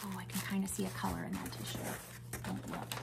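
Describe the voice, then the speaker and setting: An older woman hosting a crafting vlog, chatting enthusiastically as she shows off her projects and sometimes dropping to a hush. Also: mid-range voice, lively intonation, quick pace, creaky. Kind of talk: casual show-and-tell chat.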